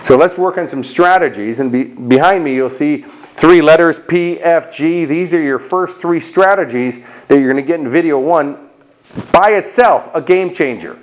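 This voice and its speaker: A man's voice: fairly high pitch, moderate pace, muffled recording. A man speaking as a motivational coach, talking straight to the viewer in an emphatic, direct way with punchy repetition. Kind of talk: motivational talk to camera.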